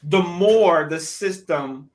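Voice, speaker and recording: Man, panel discussion, measured short phrases, slow pace, higher pitch.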